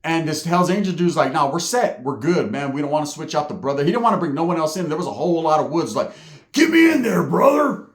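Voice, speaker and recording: Fast and with few pauses, a man from California with a voice on the high side relates a prison story in a roomy-sounding space. He talks in casual street slang loaded with profanity and repeated "right?" asides.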